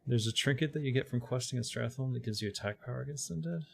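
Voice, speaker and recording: A middle-aged man streams a game live, muttering to himself as he plays before chatting openly with his viewers. His voice sits at medium pitch and moves quickly, with vocal fry and a faint hiss or hum in the audio. He works as a game streamer and voice-over narrator, and this is casual live gaming stream chat.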